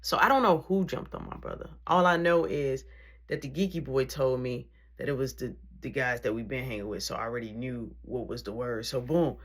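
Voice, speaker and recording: A young woman telling a story in a casual, animated way, acting out each exchange of dialogue. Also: extremely low pitch, a little fast.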